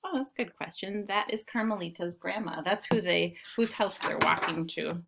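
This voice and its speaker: A young woman teaching children, reading a storybook aloud and sounding out words with expressive delivery. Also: on the low side, normal speed, creaky, husky.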